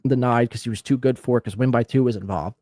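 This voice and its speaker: A man talking casually and haltingly, restarting often as he explains himself. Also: mid-range voice, a little mellow, no echo, studio quality. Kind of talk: casual talk from a played clip.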